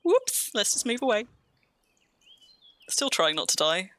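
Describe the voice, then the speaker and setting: An English woman with an almost standard accent that carries a light Kentish twang, talking through a game on a live stream. Her chat rambles and she laughs at her own mistakes, in a voice of middling pitch. A steady wash of noise sits behind her. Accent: near-standard English with slight Kentish twang. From England. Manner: chatty, rambling, quick to laugh at herself.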